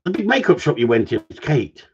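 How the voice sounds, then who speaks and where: A man's voice: medium pitch, fairly quick, breathy edge, highs cut off. A man hosting a live stream, telling a story as a casual rant with lots of swearing. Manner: animated storytelling with frequent swearing. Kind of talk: casual ranting chat.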